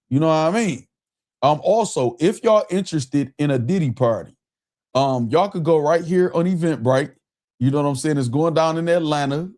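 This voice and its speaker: A young man runs his livestream in relaxed, slang-heavy talk, calling out names from the chat as they come in. His voice sits a little on the high side. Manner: loose and slangy, reading out chat shout-outs. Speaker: livestream show host.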